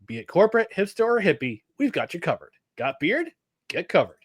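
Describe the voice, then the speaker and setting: A man's voice: sits high, brisk, slightly rough, no echo. Exasperated man on a dry mic. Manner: animated, exasperated, restarts often. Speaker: podcast co-host. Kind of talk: casual sports talk.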